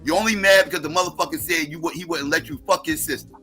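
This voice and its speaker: A man's voice: fairly high pitch, fast, pushed and bright, soft background music. A man hosting a heated live-stream panel argument, firing repeated, profane questions at a guest.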